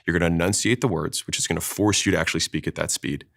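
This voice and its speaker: A man talking fast as a sales trainer, explaining with examples in an interview. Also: low voice, fairly even intonation, gravelly, fairly bright tone. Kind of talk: casual interview talk.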